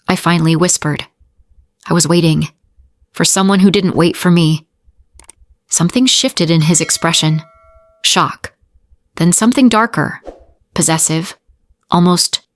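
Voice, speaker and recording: A woman's voice: lowish voice, no room sound, clean studio sound. A woman narrating a first-person romance story, with dramatic pacing and short, broken fragments.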